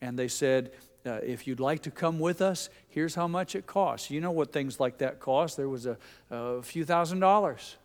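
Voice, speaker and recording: A middle-aged pastor delivers a storytelling sermon in a fairly high voice. He drops softer when quoting others. His words ring through a church hall with long reverb. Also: moderate pace. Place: church sanctuary.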